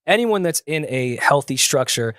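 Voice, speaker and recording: A man's voice: on the high side, animated, moderate pace, a bit bright, dry recording, studio quality. A man hosting a casual podcast, joking and asking provocative questions.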